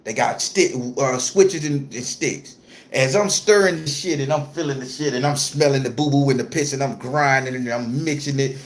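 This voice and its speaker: A man with a fairly high voice tells a story straight to his audience. He is blunt and profane, and he repeats himself to drive each point home. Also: normal speed. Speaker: spiritual content creator. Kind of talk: casual storytelling to camera.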